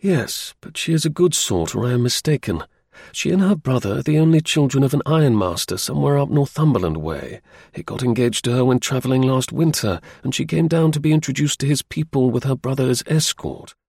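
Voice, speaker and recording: A man voicing a sharp, aloof male detective who speaks in a measured, lecturing way, in a husky, gravelly voice. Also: mid-range voice, expressive, dry recording, voice pushed up. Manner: measured, explaining, a little dry.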